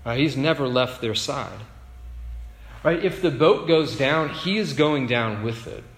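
A man delivers a sermon with a chatty, conversational touch, tossing quick "right?" questions to his listeners. His voice sits at an ordinary middle pitch. It rings out through a roomy hall with a long, trailing reverb. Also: expressive. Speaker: pastor.

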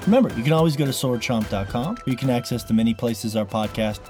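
A man's voice: medium pitch, animated, fast, a little mellow, faint music behind. A man hosting a gaming podcast, opening the show in a playful, jokey way with lots of fillers. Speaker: podcast host. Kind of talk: casual podcast intro.

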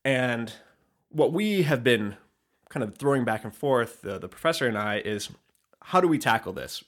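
A man's voice: mid-range voice, lively intonation, normal speed, a bit bright. A man co-hosting a podcast, chatting casually with dry teasing humor and explaining his work at length. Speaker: podcast co-host. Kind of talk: casual chat.

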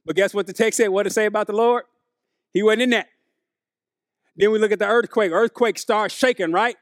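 A man's voice: sits high, brisk, no echo, clean studio sound. A man, preaching a conversational sermon to his congregation. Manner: conversational preaching, animated, addresses congregation as y'all. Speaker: pastor.

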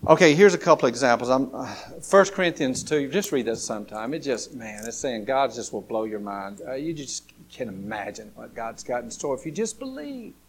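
A man preaching a sermon in a folksy way, moving from quiet asides to rising, emphatic calls. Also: medium pitch, expressive, moderate pace, few pauses. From Alabama, USA. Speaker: pastor.

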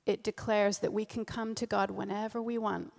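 A woman's voice: medium pitch, level tone, moderate pace, creaky, a little mellow. A woman giving an informal, earnest sermon at a church service, often repeating and restarting her phrases. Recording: long reverb of a church hall.

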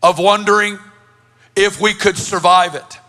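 A male preacher tells a story in a high, bright voice. He speaks emphatically and builds his points into passionate lists. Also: fairly even intonation, measured pace. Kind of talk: sermon storytelling.

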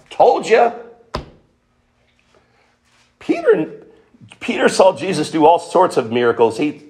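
A man's voice: mid-range voice, a little mellow. A man preaching a sermon, emphatic, asking the listeners questions and acting out quotes.

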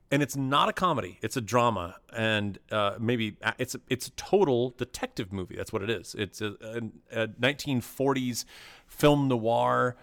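A man's voice: medium pitch, a bit bright. A man co-hosting a podcast, chatting casually about movies in a rambling way, full of restarts and crude jokes. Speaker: podcast co-host.

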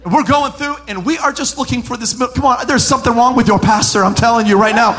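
A man in his thirties preaching a sermon as pastor, animated, swinging from loud preaching to hushed storytelling. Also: extremely high pitch, fast, hardly any pauses, background noise.

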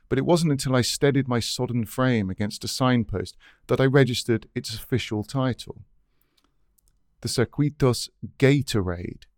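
A man's voice: mid-range voice, a little mellow, no echo. A man reading his own essay aloud in a dry, wry, scripted narration.

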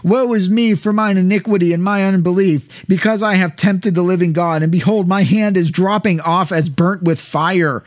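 A man's voice: sits high, moderate pace, few pauses, dry recording, clean studio sound, pitched above the performer's own voice, natural voice. A man reading aloud as a doubting woman who pleads with God, in an earnest, slightly raised voice. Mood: pleading.

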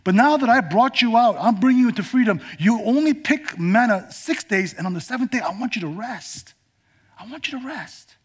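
God as a tender, fatherly voice, pleading gently and sinking to a soft hush, as a preacher speaks for him. The voice sits high. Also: lively intonation, fairly quick, few pauses.

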